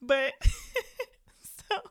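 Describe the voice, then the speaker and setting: A woman's voice: extremely slow, no echo, clean studio sound. A young woman hosting a podcast, talking candidly and with feeling, often breaking into laughter. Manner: candid, animated, laughs often, speaks of faith. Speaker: podcast host. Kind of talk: casual heartfelt chat.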